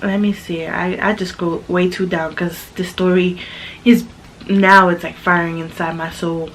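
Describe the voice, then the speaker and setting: A young adult woman vlogger telling a story in casual chat. She is animated and sassy, and her voice jumps up high when she quotes people. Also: measured pace, slight background noise, poor audio.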